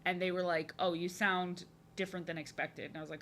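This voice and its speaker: A young woman chatting while drawing on a live stream. She talks in an overexcited, chatty way, often repeats herself, and has a youthful voice that people say sounds like an excited little boy. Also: on the low side, fairly quick, slight background noise. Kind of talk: casual chat while drawing.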